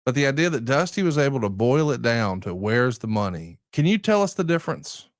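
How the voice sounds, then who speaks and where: Male podcast co-host, dry close sound, animated storyteller who leads into questions. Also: medium pitch, a little fast, no echo. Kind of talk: casual podcast chat.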